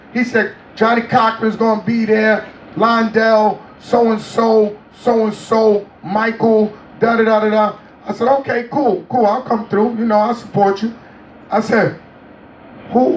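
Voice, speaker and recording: High-voiced man telling stories, echoey and distant. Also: measured pace, a little hiss or hum. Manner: lively, acts out other people's voices while telling stories. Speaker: interview guest. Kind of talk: animated storytelling. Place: on a cruise ship. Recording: echoey room, mic at a distance.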